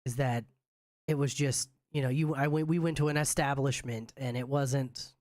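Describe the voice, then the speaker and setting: A man on a podcast chatting casually, halting and restarting often. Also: mid-range voice, fairly even intonation, a little mellow, no room sound, clean studio sound. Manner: hesitant, many restarts and fillers. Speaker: podcast co-host. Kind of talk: casual chat.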